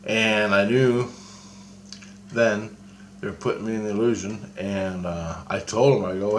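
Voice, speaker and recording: A man casually recounting a personal experience, rambling and halting, with many restarts and some swearing. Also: lowish voice, fairly even intonation, slight background noise. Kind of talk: casual spoken anecdote.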